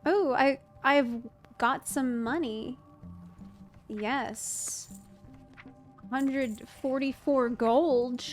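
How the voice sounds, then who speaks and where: Excitable, high-voiced woman streamer. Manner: excitable, chatty, swears casually, laughs often. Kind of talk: casual gameplay commentary.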